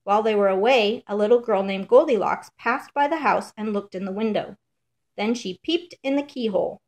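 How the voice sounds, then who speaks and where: A woman reading a children's fairy tale aloud in a measured, rhythmic storybook manner. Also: mid-range voice, a little mellow.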